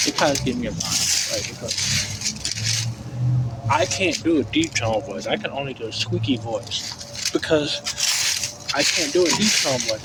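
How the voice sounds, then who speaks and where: A man in a rambling, repetitive, profane casual rant, recorded outdoors. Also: mid-range voice. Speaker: vlogger. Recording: outdoor street noise.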